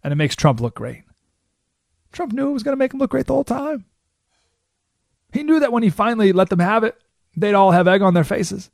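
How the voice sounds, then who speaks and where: A male talk radio host with a gravelly edge and a pitch that climbs and dips as he tells his stories. His voice sits fairly high, and the sound is close and dry. He keeps checking in with rhetorical questions. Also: fairly quick, pauses often, no room sound. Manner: animated storytelling with frequent rhetorical "right?"; acts out quoted voices.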